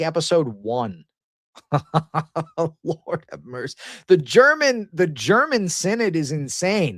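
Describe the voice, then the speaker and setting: A man's voice: a little high, no echo, studio quality. A man hosting a news commentary show who talks in a casual, slangy way and laughs often. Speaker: host.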